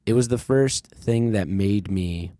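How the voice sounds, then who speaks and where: A man's voice: lowish voice, a little slow, warm tone, no echo, clean studio sound. A man hosting a podcast, telling a childhood story in a rambling, candid way, swearing freely and leaning on fillers. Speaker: podcast host. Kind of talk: casual conversational storytelling.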